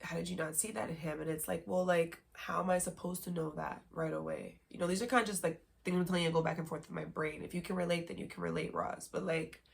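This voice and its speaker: A woman's voice: lowish voice, level tone, quick pace, gravelly, hardly any pauses. A woman hosting a podcast, telling a personal story candidly in a rambling way with many filler words and nervous laughs. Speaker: podcast host.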